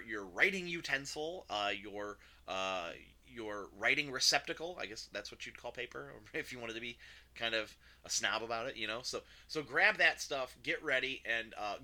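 Bright-voiced man teaching a Bible lesson. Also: mid-range voice. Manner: conversational, chatty, with fillers and self-corrections. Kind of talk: casual recorded Bible lesson.

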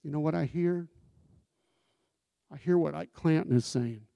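A man's voice: fairly high pitch, unhurried, creaky, mellow, no room sound, studio quality. A male pastor preaching a sermon in a conversational way, asking the congregation questions and giving scripture quotes with emphasis.

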